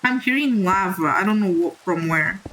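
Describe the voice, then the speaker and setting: A woman with a non-native English accent chatting candidly on a live stream while gaming, halting and apologetic. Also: mid-range voice, fairly bright tone, rough recording.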